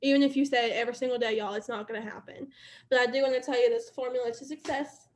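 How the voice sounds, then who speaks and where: Young woman, high voice, casual live-stream pep talk to her team, chatty and repetitive. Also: fairly even intonation, quick pace, slight background noise. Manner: chatty and repetitive, addressing viewers directly. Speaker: team leader speaking to her sales team.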